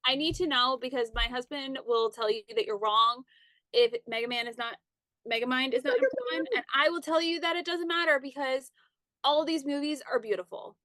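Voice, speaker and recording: Woman co-host, high voice, dry close sound, quick upbeat chatter. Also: sharp tone, no echo. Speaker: podcast co-host. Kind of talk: casual podcast chat.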